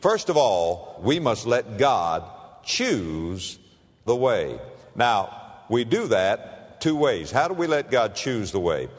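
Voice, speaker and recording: Man preaching, lively swinging pitch, acts out story characters, long hall reverb, church sanctuary. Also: slow. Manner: preaching with big swings from hushed to emphatic; plays out little scenes in the voices of the people in his stories. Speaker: pastor. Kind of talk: sermon.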